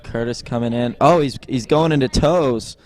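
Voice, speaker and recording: A man's voice: mid-range voice, moderate pace. Wry man calling water ski tricks. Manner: wry, teasing, deadpan jokes. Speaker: tournament commentator. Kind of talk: joking live sports commentary.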